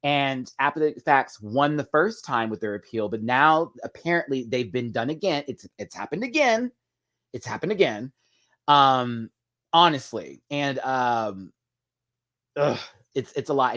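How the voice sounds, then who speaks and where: Male live-chat host, casual gossipy commentary, animated and talkative, ordinary mid-range voice. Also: normal speed. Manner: chatty, gossipy, big swings in pitch and loudness; addresses viewers as "girl" and "y'all". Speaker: livestream host.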